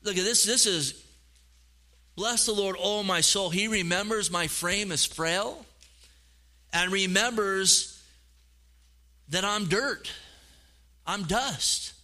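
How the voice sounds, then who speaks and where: Pausing long and speaking slowly, a middle-aged pastor with a high-pitched voice delivers a lively sermon. He voices the people he quotes and repeats words along the way.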